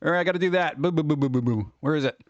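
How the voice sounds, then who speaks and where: A man hosting a livestream, chatting casually and rambling excitably with viewers, often laughing. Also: on the high side, rapid-fire, dull audio, a little hiss or hum. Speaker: livestream host. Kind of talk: casual chat with live viewers.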